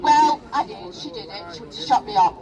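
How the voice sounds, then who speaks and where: A woman's voice: high-pitched, big pitch swings, fairly quick. A middle-aged woman from England gives an emotional, rallying speech at a protest and keeps asking the crowd "yeah?". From England (Rochdale). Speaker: protest speaker. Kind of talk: impassioned public speech. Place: outdoor street protest. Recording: distant outdoor crowd recording.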